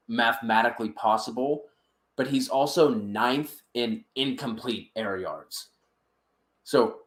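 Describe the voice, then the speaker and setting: A man's voice: mid-range voice, reverberant. A man co-hosting a sports betting podcast, chatting casually and stumbling over repeated words as he reels off stats. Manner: stammers and repeats words while reeling off stats.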